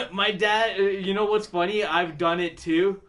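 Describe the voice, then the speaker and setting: A man's voice: high voice, steady tone, a little slow, a bit bright. A man hosting a music stream who tells rambling stories in casual chat, laughing often and swearing a lot.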